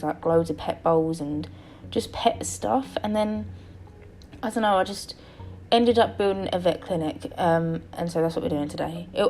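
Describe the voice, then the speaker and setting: Tired, slightly croaky woman rambling. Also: on the low side, warm tone, a little hiss or hum. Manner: rambly, chatty, lots of fillers. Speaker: video creator narrating a build. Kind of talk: casual voice-over commentary.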